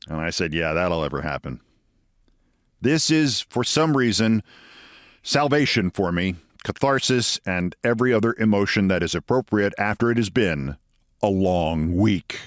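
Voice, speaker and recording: A man's voice: fairly low pitch, lively intonation, moderate pace, no echo, clean studio sound. A man in his sixties hosting a show, giving sarcastic, theatrical political commentary and then reading a story aloud. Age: 60s. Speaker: host.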